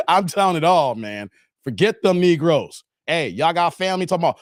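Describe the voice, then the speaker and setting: Forties male streamer, slangy and joking, lively swinging delivery, a touch high. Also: a little slow, no room sound, clean studio sound. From Chicago area, United States. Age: 40s. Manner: joking, laughs often, slangy and emphatic. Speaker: livestream host. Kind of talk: casual livestream commentary.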